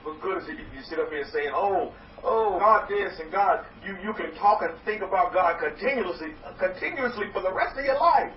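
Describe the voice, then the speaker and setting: A man preaching as a rabbi to a congregation, loud and excited, repeating phrases for emphasis. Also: sits high, fast, hardly any pauses. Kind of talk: energetic sermon to a congregation. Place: hall with congregation. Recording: roomy, distant, dull lo-fi recording with faint noise.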